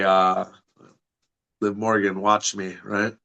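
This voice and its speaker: A man's voice: mid-range voice, fairly even intonation, moderate pace, vocal fry, sharp tone, rough recording. A man chatting as a podcast guest, brash and swearing, talking up his wrestling events while losing his voice. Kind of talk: casual chat.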